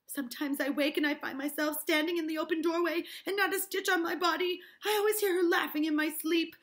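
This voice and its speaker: A frightened yet scheming teenage girl dodges every accusation in a high, pleading voice, put on by a woman reading a play aloud. She sounds sharp and bright, and her denials rise well above an ordinary speaking pitch. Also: steady tone, a little fast. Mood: accusing.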